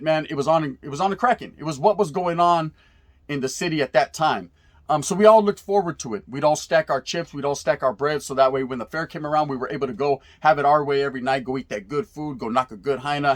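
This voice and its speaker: A man in his forties from California, casually telling stories in street slang with Spanish words mixed in and plenty of cursing. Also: on the high side. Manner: laid-back street slang with Spanish words mixed in, frequent profanity and "right?" tags. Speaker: storyteller recalling youth prison days. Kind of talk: casual storytelling.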